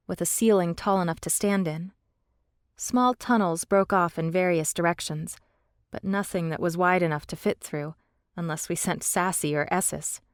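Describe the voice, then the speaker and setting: A woman narrating a fantasy audiobook in the first person, steady and measured, on a close studio mic. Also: fairly low pitch, no room sound.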